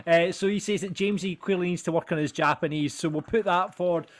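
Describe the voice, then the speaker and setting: Scottish host, high voice, runs the segments of a football chat. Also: male voice, fast talker. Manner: steers the segments, reads listener picks. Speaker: podcast host.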